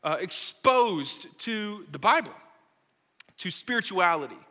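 A man giving a playful, lively sermon to a live audience, joking and talking straight to the crowd. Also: sits high, measured pace. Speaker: speaker at a college ministry gathering. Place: large hall with live audience. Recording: reverberant hall.

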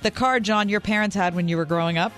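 A woman co-hosting a radio show, chatty and quick to laugh. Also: mid-range voice, a bit bright, faint music behind. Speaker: radio co-host. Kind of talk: casual radio banter.

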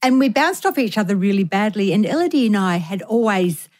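A woman's voice: medium pitch, sing-song, a little fast, darkish tone. A middle-aged woman, a mother, answering an interview candidly and reflectively. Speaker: guest, a co-host's mother.

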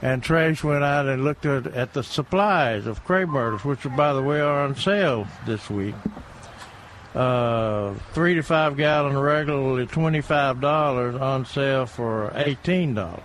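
A man's voice: medium pitch, unhurried, a bit bright, slight background noise. A man co-hosting a garden radio show, talking casually with many restarts and repeated words.

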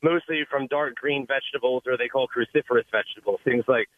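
A man calling in to explain a diet, calm and explanatory, a little hoarse from a cold, heard over a phone line. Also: mid-range voice, fast talker, a little hiss or hum. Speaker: caller, keto specialist.

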